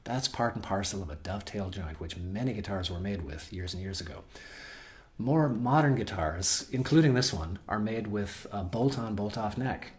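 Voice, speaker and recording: A man's voice: on the low side, expressive, normal speed, darkish tone. A man hosting a guitar shop's weekly video, talking casually to viewers in a rambling, folksy way with frequent restarts. He is losing his voice and keeps coughing. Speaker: guitar shop host. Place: guitar shop.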